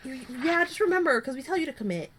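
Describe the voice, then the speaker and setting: A woman co-hosting a podcast, chatting casually and retelling scenes with quick acted-out lines. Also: high-pitched, sing-song, a bit bright. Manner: chatty, acts out characters' lines while retelling. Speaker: podcast co-host. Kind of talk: casual chat recapping a soap opera.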